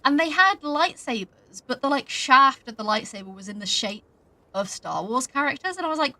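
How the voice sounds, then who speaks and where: Lively, high-pitched woman streamer. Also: moderate pace. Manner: chatty, swears, laughs at herself. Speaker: VTuber streamer. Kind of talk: casual gameplay commentary. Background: game music.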